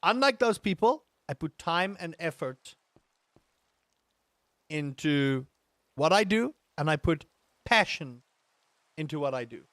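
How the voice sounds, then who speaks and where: A man's voice: a little high, expressive, slow pace, pauses often, a bit bright, dry recording, studio quality. A man live-streaming a game, talking casually to his chat and ranting with emphatic repetition. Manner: talks to his chat between tangents.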